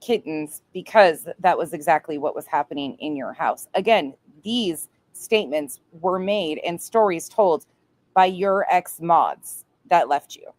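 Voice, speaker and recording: A woman's voice: fairly low pitch, expressive, measured pace, a little mellow. A woman giving reaction commentary on a clip, blunt and profane. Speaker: commentary streamer.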